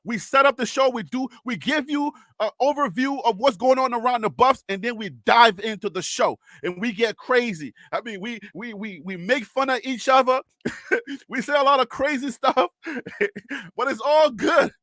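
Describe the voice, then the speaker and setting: Male live-stream host, high voice, dry close sound, excitable and teasing. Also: moderate pace, no room sound. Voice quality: self-described radio voice. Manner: excitable, teasing, shouts out chat names. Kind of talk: casual live-stream chat.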